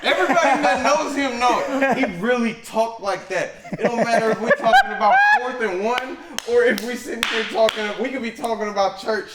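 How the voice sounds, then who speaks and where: A man's voice: very high-pitched, fairly quick, hardly any pauses. A young man in a casual talk show, laughing often and backing up the others. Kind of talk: casual chat. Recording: echoey room with crowd noise.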